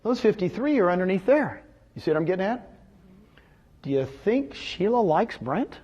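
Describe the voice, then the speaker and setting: A middle-aged man giving an energetic motivational sales talk to a live audience, often quizzing his listeners with rhetorical questions. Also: sits high, normal speed, husky, muffled recording. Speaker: seminar speaker.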